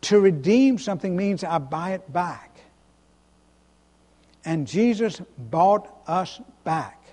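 A man's voice: high-pitched, lively intonation, slow pace, warm tone, in a large hall. A man preaching a sermon as pastor, stressing single words, repeating himself and asking the congregation to answer back. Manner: emphatic, repeats words, asks the congregation questions.

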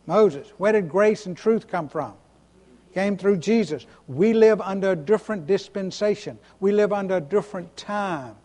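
Speaking at a moderate pace in a large hall, a pastor with a high-sitting, darkish voice gives a sermon. He stresses particular words with emphasis, repeats his phrases, and questions the congregation, inviting them to reply.

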